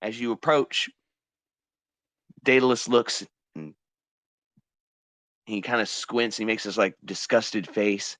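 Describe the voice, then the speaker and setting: A man's voice: fairly low pitch, slow, long pauses, fairly bright tone, no room sound. A man narrating as game master in a casual, descriptive way and swearing freely.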